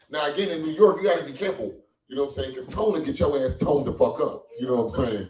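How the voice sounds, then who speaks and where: A man performing a stand-up comedy set in a small cafe, animated and loose, acting out quoted voices. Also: a little high, quick pace. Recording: echoey room from far off.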